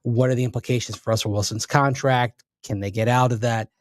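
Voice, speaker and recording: A man's voice: medium pitch, fairly even intonation, fairly quick, dry recording, clean studio sound. A man co-hosting a sports radio show, breaking down the team in an analytical, emphatic way. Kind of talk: casual sports talk.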